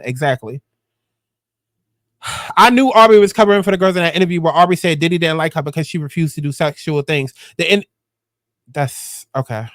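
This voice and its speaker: High-pitched guy ranting about celeb gossip, cusses a lot, dead dry room. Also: dry recording. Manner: blunt, heated and profane. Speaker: host.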